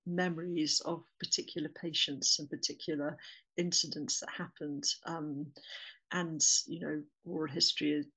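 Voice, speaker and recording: A woman's voice: low-pitched, a bit bright, rough recording. A woman with an English accent giving a webinar talk on oral history, conversational with frequent fillers and restarts.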